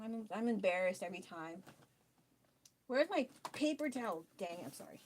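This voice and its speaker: A woman's voice: mid-range voice, animated, moderate pace, pauses often. A tired young woman, chatting casually on a live stream while she paints. She rambles, laughs at herself often and loses her train of thought. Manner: rambling, scattered, self-deprecating, laughs often.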